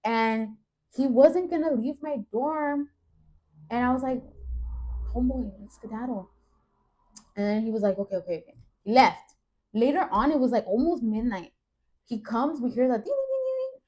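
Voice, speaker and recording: A woman's voice: high-pitched, expressive, normal speed, warm tone. A young woman co-hosting a podcast, telling a rambling story in casual chat with lots of fillers. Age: young adult. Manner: rambling, uses many fillers and acted quotes. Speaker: podcast co-host.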